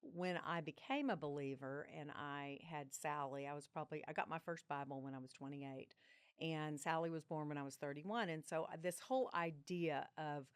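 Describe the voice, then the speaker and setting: Lively woman telling family stories. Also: deep voice, normal speed, clear, resonant tone, no room sound. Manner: animated storyteller, acts out quoted voices. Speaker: guest. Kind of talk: casual podcast conversation, storytelling.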